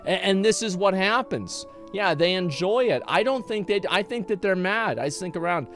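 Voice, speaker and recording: A man's voice: high-pitched, expressive, normal speed, a bit bright, soft background music. A male streamer giving live reaction commentary, blunt and profane, who stumbles over and repeats words when worked up. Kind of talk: live reaction commentary, reading posts aloud.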